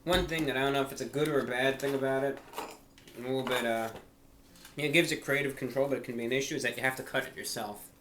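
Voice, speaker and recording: A man hosting a casual food review in a measured, formal way, a little out of breath. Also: medium pitch, fairly bright tone, a little hiss or hum. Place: small eating nook indoors. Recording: echoey room with faint ambience.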